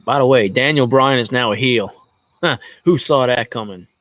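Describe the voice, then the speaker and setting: A man's voice: medium pitch, moderate pace, a bit bright, dry recording. A man who vlogs as a sports fan, ranting in a casual, rambling way with a lot of swearing and jokes. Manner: profane, joking, rambling.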